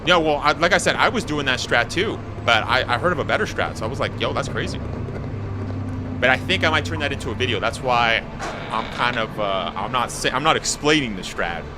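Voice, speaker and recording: An excitable man in his thirties talks through a game on a live stream, full of slang and quick restarts. His pitch jumps around in a lively way. Constant background noise runs under the recording. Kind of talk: casual live gaming commentary.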